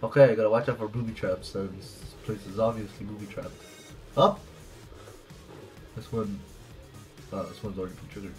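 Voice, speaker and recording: A man giving casual, profane video game commentary, jumpy and quick to laugh at himself. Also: on the low side, fairly even intonation, a little mellow, soft background music. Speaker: gameplay commentator.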